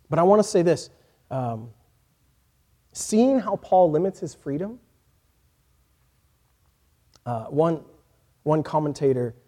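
A man preaching a sermon in an earnest voice that moves from quiet, reflective passages to emphatic points. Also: high-pitched. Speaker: pastor.

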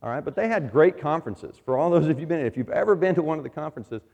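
A man's voice: on the high side, animated, fast talker, gravelly, darkish tone. A middle-aged man preaching in church, giving his personal testimony in a conversational way with many fillers and asides to the congregation.

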